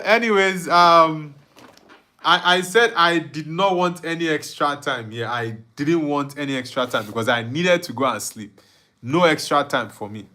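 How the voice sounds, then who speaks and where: A man's voice: a little high, sharp tone. A young Nigerian man hosting a live football watchalong, reading viewer comments aloud and bantering with frequent laughs. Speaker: livestream host.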